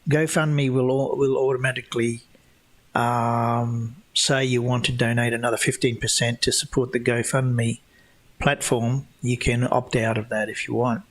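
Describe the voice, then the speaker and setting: Answering questions from chat on a casual livestream Q&A, this man rambles and restarts often, scornful of flat-earth believers. He speaks at normal speed with a medium pitch.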